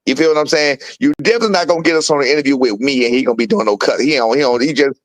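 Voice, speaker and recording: A middle-aged man, a boxing father on as a guest, races through animated stories in street slang, acting out the characters' words with big pitch jumps. His refrain is "you feel what I'm saying." The recording is low-quality, with no room sound.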